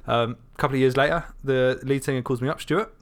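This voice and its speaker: A man chatting on a podcast, telling stories in a loose, joking way. He laughs often, and his pitch sits mid-range. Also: fairly even intonation, quick pace. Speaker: podcast co-host and musician. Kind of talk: casual chat.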